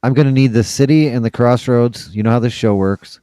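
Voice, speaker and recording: A man's voice: mid-range voice, brisk, warm tone, clean tone, dry recording. A man co-hosting a casual chat, cracking wry, teasing quips. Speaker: podcast co-host.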